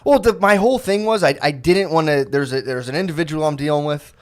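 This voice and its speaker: A man's voice: fairly high pitch, fast. American guy rambling on a podcast, keeps restarting, mocks himself. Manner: rambling, many restarts and fillers, self-mocking. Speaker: podcast co-host. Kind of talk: casual podcast banter.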